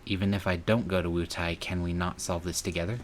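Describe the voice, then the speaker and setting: A man's voice: low-pitched, level tone, a little fast, slight background noise. A man streaming and reading a visual novel aloud, earnest and emotional, with some angry outbursts.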